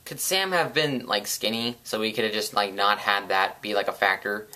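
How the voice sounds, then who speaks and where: Brief: male vlogger, comedic rant, rambling and crude, bright timbre. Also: on the low side, moderate pace. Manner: sarcastic, profane, rambling.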